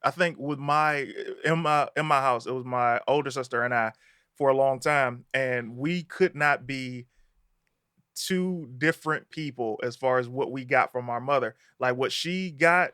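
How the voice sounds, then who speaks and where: A man's voice: medium pitch, measured pace, pushed and bright, clear, resonant tone, dry recording, studio quality. A man who is a guest on a podcast, telling personal stories in an emphatic, casual way. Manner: storytelling, emphatic, laughs easily.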